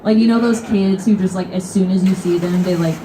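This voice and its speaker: A woman's voice: medium pitch, fairly even intonation, brisk, warm tone, a little hiss or hum. A young woman from Kentucky telling a comedic story at a live show in a bookstore cafe. She rambles and swears, with lots of "like". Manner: rambling, profane, heavy use of "like". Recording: roomy live venue sound.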